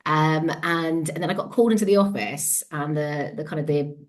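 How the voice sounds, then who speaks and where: A woman in her forties with a Devon accent speaks in a slightly low voice. She tells her story as an interview guest, chatty and animated. She often breaks off mid-sentence to start again and laughs easily. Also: normal speed. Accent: Devon English. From England. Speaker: guest, empowerment coach.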